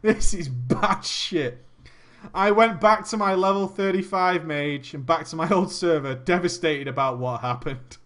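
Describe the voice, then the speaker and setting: A man's voice: fairly high pitch, unhurried, a bit bright. A man reading a gaming story aloud and riffing on it with comic commentary, laughing often and swearing freely.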